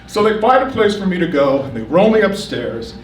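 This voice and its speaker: A man telling a comic personal story on stage and acting out the quotes with lively energy. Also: high-pitched, brisk, slight background noise. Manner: animated, comic, acts out the quotes. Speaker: storyteller at a community story event. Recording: echoey room, picked up from a distance.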